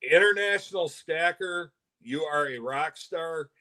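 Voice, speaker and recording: Rambling, halting man, slightly high. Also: a crowd in the background. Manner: rambling, halting, laughs often. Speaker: co-host. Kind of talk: casual live-stream chat.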